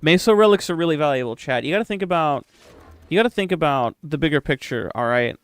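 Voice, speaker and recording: Swearing and joking, a young man chats with his audience while live-streaming a game into a desk mic. He talks fast with lively intonation, his slightly high voice clean and free of echo.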